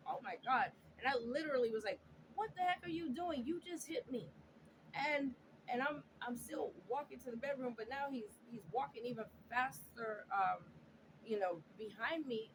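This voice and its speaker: A woman recounts a personal story, her speech halting and earnest as she repeats words and restarts. Her voice sits at an ordinary middle pitch. Clear, steady background noise runs under the recording. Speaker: storyteller sharing a personal testimony. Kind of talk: emotional first-person storytelling.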